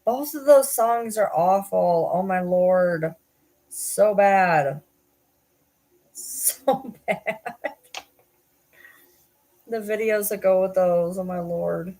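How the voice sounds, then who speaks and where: A woman's voice: medium pitch, extremely slow, pauses often, mellow. Woman, 40s, casual stream chat, rambling, laughs often. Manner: rambling, swears, laughs often, self-deprecating.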